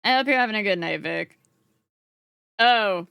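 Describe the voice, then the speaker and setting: A woman's voice: mid-range voice, measured pace, creaky, smooth, dry recording, lo-fi sound. A woman streamer chatting casually with her live chat while she crochets, swearing freely and laughing often.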